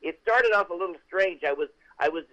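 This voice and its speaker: A man's voice: sits high, fairly quick. Older man telling stories over a dull line. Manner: chatty, animated storyteller with frequent restarts. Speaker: guest actor. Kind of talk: interview storytelling.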